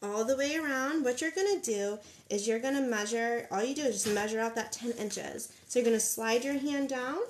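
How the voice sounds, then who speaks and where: A woman's voice: on the high side, moderate pace, few pauses, a little hiss or hum. A woman hosting a live craft tutorial, chatting upbeat with viewers as she works at her table.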